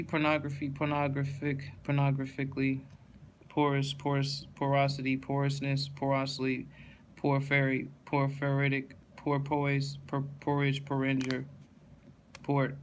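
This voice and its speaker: Man reading a word list in a flat monotone. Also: mid-range voice, slight background noise. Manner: flat, monotone listing with self-corrections.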